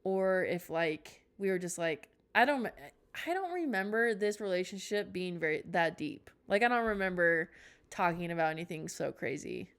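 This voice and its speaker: A woman's voice: fairly low pitch, lively intonation, moderate pace, smooth. A young woman hosting a podcast, telling a rambling storytime with tangents and self-mocking asides. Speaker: podcast host. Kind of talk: casual storytime chat.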